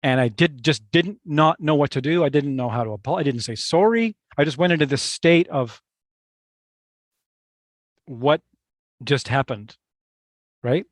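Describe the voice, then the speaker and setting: A middle-aged male meditation teacher recounts a story from his own life. His voice sits a little high for a man and sounds dry and close. He speaks reflectively and haltingly, restarting phrases and turning to his listeners with asides. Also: animated, no room sound. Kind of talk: personal storytelling in a workshop talk.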